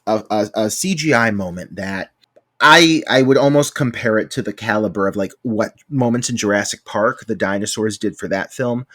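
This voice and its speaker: Male podcast co-host, mid-pitched, dry close mic, lively and profane, camp flair. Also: no echo. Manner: expressive, profane, campy asides. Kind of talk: casual chat reviewing a film.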